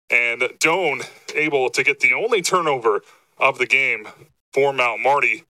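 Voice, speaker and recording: A man calling post-game football highlights, a bit out of breath and lifting his voice with energy on the big plays. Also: a little slow, dry recording, rough recording. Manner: energetic, rising excited pitch on highlights. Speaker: play-by-play sportscaster.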